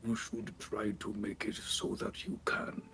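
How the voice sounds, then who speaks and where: A man at a tabletop game speaking in character as a troll, slow and literal-minded. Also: on the low side, monotone, fairly bright tone, a little hiss or hum. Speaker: player voicing a troll character. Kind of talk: tabletop role-play, in character.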